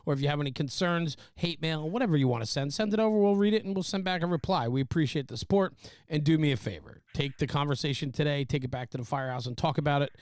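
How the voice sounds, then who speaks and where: A man's voice: fairly high pitch, dry recording, close to an everyday voice. A man putting on a DJ voice for an upbeat, announcer-style sign-off. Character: smooth late-night radio DJ, male.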